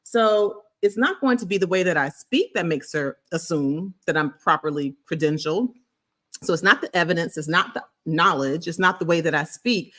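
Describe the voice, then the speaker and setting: A woman's voice: fairly low pitch, normal speed, fairly bright tone. A middle-aged woman doctor from the US South, hosting a casual medical video and answering a commenter in an emphatic, sassy way. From Florida, US South.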